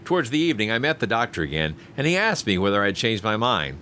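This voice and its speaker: Low, lively male story narrator. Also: fast, a little hiss or hum. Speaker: audiobook narrator. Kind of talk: first-person story narration.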